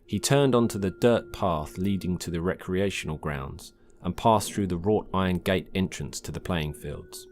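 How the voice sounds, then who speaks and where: A man narrates a story in a calm, measured way. His voice sits very low, and a faint hiss runs beneath the reading. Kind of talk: scripted narration.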